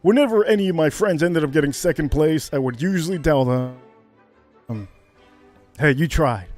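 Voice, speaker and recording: Hyped high-voiced male streamer. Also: normal speed, soft background music. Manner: hyped, repetitive, shouts catchphrases. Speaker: livestream host. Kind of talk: casual livestream chat.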